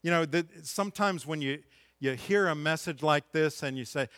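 A man's voice: fairly high pitch, moderate pace, fairly bright tone, no room sound, studio quality. A middle-aged man preaching a sermon as pastor, reading scripture and building to impassioned, emphatic peaks.

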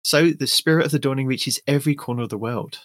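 A man's voice: medium pitch, quick pace, dry recording, clean studio sound. British man hosting a gaming podcast. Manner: reads news items out, joking asides. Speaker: podcast host. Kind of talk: casual gaming podcast chat.

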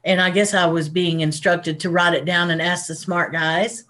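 A woman co-hosting a podcast who tells stories in a lively way and laughs often. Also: fairly low pitch, moderate pace. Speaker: podcast co-host. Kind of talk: casual chat.

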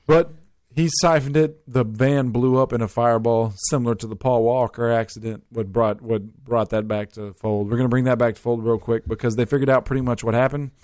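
A man's voice: mid-range voice, steady tone, a little fast, a little mellow, dry recording. A man co-hosting a casual podcast, blunt and opinionated. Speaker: podcast co-host. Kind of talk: casual chat.

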